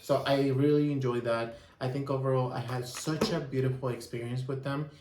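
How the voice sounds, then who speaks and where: A man co-hosting a vlog, reviewing his experience in a relaxed way, with frequent restarts and ums. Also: medium pitch, moderate pace, roomy sound, noisy background. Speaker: vlogger co-host. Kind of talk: casual chat review.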